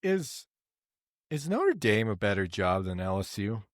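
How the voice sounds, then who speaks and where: A man's voice: lowish voice, very animated, a little slow, dry recording, studio quality. A man on a casual sports podcast, firing pointed follow-up questions at the hosts.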